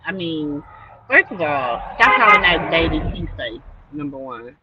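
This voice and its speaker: A woman's voice: low-pitched, very animated, unhurried, heavy background noise. Older woman on a muffled remote line. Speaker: co-host. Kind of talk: casual chat.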